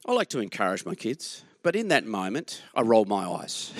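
Lively Australian man preaching a sermon. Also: mid-range voice, fairly quick, no echo, clean studio sound. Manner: animated, conversational, chuckles through stories. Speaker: guest preacher. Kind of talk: sermon with personal storytelling.

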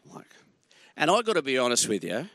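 A man's voice: mid-range voice, sing-song, fairly quick, a bit bright, no echo, studio quality. A man in his forties with an Australian accent, preaching as a guest speaker in a conversational storytelling way, chuckling through his anecdotes. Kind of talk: sermon with personal storytelling.

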